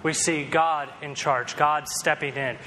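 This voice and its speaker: A man's voice: a little high, steady tone, unhurried, bright, forceful tone, in a large hall, slight background noise, rough recording. A man preaching a sermon in a conversational, storytelling way, with self-deprecating humor. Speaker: pastor.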